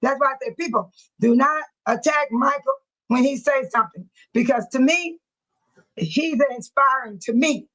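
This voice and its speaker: Middle-aged lady hosting her live stream, pretty high voice, laughs a lot chatting with viewers. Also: moderate pace, rough recording. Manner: laughs often, lively and warm with chat; sweating and fanning herself after dancing. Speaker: livestream host. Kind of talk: casual livestream chat reading comments.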